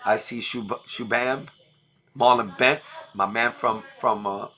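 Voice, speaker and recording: New dad ranting on his stream, bright voice, lots of bro and dog. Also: medium pitch, fairly even intonation, slow. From New York. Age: middle-aged. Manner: blunt, repetitive street slang. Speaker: livestream host. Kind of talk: emotional casual livestream talk.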